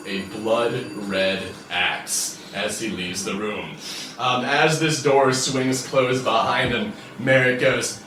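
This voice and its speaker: A man narrating as game master in a tabletop game, telling it in a casual, relaxed way with frequent fillers, recorded in a roomy space away from the mic with faint music. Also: medium pitch, far from the mic, background noise.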